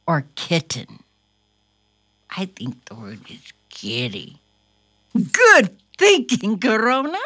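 A woman hosting a children's radio storytime, reading a picture book aloud in a slow, expressive manner. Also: medium pitch, husky, no echo, studio quality. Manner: slow, expressive, lively sing-song.

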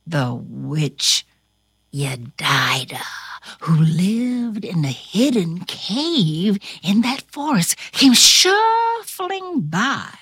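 Woman reading a storybook aloud, super animated, highish voice, dry close sound. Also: breathy edge, no echo. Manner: highly expressive, slow and dramatic.

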